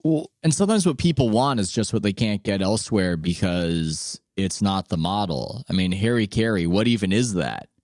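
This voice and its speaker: Opinionated man with a low voice. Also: sing-song, moderate pace, few pauses, darkish tone, no room sound, clean studio sound. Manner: opinionated, joking. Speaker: podcast host. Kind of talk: casual podcast chat.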